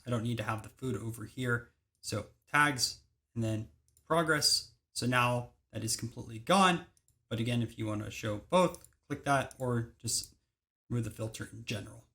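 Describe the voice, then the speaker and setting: A man's voice: mid-range voice, a bit bright. Casual young man walking through a tutorial. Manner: brisk step-by-step instructions, casual phrasing. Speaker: software tutorial host. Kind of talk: screen-recorded software tutorial.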